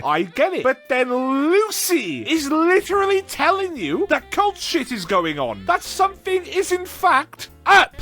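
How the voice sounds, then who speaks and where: A man's voice: very high voice, pushed and bright. A man ranting sarcastically and with plenty of swearing in an exasperated video review. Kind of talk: ranting commentary.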